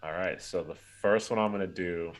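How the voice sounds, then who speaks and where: A man's voice: low voice, moderate pace. A man chatting casually on a podcast, rambling with lots of fillers while retelling a movie scene. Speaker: podcast co-host. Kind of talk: casual chat.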